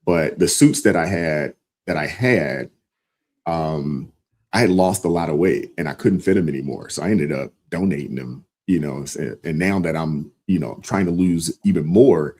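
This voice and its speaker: Deep husky laid-back man. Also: normal speed, a little mellow. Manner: laid-back, slangy, rambling. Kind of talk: casual chat.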